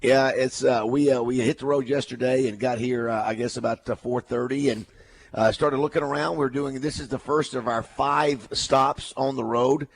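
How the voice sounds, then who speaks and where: A man's voice: medium pitch, steady tone, normal speed. A man hosting casual morning radio banter on the road, easygoing and chuckling, talking with lots of fillers. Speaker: radio show host. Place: on the road at a remote broadcast.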